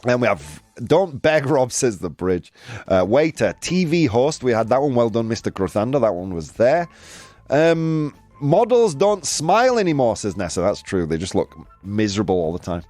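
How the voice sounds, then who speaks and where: A man hosts a live-stream quiz game, playfully reading out his audience's answers from chat and laughing often. His fairly low voice swings widely in pitch at normal speed, a little mellow, with faint music in the background.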